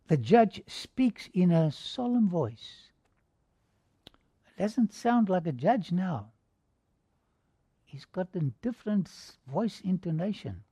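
A man's voice: high-pitched, dark tone, husky, no room sound. A man preaching a sermon, posing rhetorical questions and telling a dramatic story to his listeners. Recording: dull lo-fi recording.

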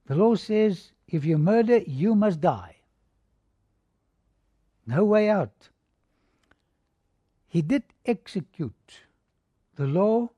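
A man's voice: sits high, sing-song, takes it slowly, long pauses, dark tone, husky, dry recording. A man preaching a sermon, posing rhetorical questions and telling a dramatic story to his listeners. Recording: dull lo-fi recording.

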